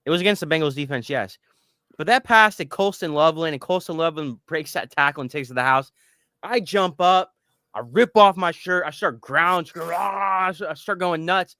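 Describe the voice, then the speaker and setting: A man in his thirties with a fairly high voice, co-hosting a sports podcast. He tells his stories in a lively, animated way and swears casually. The recording is dry and close to the mic. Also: a little fast, clean tone, no echo. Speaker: podcast co-host.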